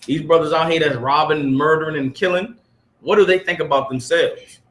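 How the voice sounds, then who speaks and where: In an echoey room full of listeners, a man teaches a study group with a preachy lesson, reading aloud and hammering them with rhetorical questions. His voice is on the high side, bright, brisk and steady in tone, and his manner is emphatic.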